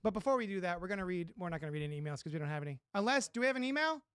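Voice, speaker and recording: A man's voice: sits high, animated, racing, fairly bright tone, clean tone, dry recording. A man co-hosting a live pop culture podcast in a studio, bantering casually, plugging his shop and reading listener mail. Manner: jokey, plugs his shop, reads listener mail aloud. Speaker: podcast co-host and comic shop owner.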